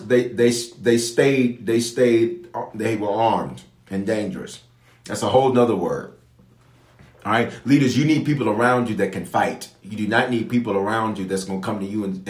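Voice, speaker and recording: A man's voice: on the low side, roomy sound. A man preaching and praying in a casual, emphatic style, repeating his phrases and using slang. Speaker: bishop leading an online prayer. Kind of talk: live-streamed sermon and prayer.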